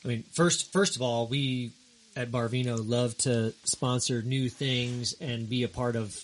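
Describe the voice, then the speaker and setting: A man appearing as a podcast guest, a bar owner, talking casually and a bit haltingly. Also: mid-range voice, steady tone, low-quality recording. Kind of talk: casual interview chat.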